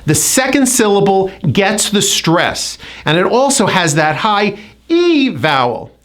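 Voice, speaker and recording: In a very animated, mid-range voice, an American-accented woman teaches pronunciation as a coach. She drills words with careful repetition, elongating each sound through slow, exaggerated enunciation.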